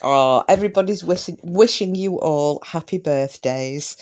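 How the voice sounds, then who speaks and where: A woman's voice: low voice, moderate pace, darkish tone. A middle-aged woman hosting a live stream, chatting casually to her viewers and laughing often between remarks. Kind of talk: casual chat to a live chat audience.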